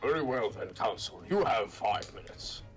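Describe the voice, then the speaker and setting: Male reader voicing a commanding judge; lively pitch, faint music under. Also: normal speed, natural voice. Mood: formal. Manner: commanding, formal. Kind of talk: reading game dialogue aloud with friends.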